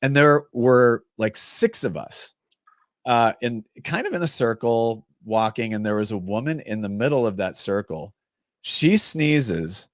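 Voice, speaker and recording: Jokey host with a Minnesota accent. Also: male voice, mid-range voice, lively intonation, a little slow, dry recording, studio quality. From Minnesota, USA. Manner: jokey, chatty, laughs at his own stories. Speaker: podcast host. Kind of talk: casual interview chat.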